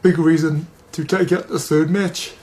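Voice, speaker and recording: A man's voice: fairly high pitch, flat delivery, normal speed, darkish tone. A middle-aged man, a former rugby league player, telling stories in an interview in a plain-spoken, salty way and acting out the dialogue. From New Zealand. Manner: plain-spoken, swears freely, acts out dialogue. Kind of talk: interview storytelling.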